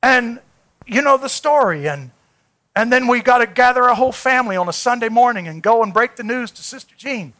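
A man's voice: extremely high pitch, lively intonation, a little fast, bright, forceful tone. A male pastor preaching a sermon, telling a personal testimony in an earnest, heartfelt way.

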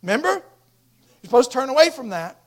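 A male preacher with a strikingly high voice delivers an impassioned sermon. He drops to near-whispers, then builds to shouted pleas. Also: very animated, fast talker. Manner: impassioned, swings from hushed to shouting.

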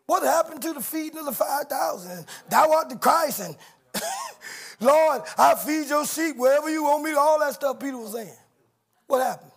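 A man preaching a sermon, shouting and acting out quoted voices with call-and-response. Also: very high voice, animated, moderate pace, husky.

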